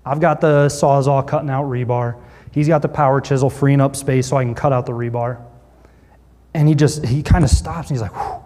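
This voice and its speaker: A pastor telling a story in a sermon, animated and acting out what people said. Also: male voice, medium pitch, fairly quick, in a large hall.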